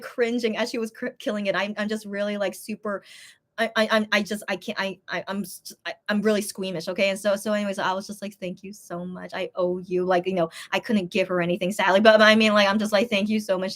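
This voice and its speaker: A young woman telling a story in a casual, rambling way, with lots of restarts and fillers. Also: mid-range voice. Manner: lively, breaks into laughs. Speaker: vlogger.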